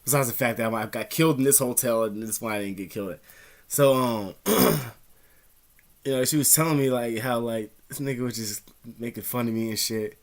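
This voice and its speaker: A man with a mid-range voice vlogs at a fairly quick clip, rambling through a profane monologue. He laughs often and imitates other people's voices as he tells his stories.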